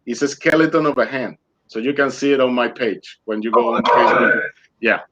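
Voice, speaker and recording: A man's voice: mid-range voice, a little fast, heavy background noise. Male guest, dramatic storyteller, broken English, muffled call audio. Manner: vivid storyteller who acts out his own quoted lines; loose non-native English grammar. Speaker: interview guest. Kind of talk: casual storytelling interview.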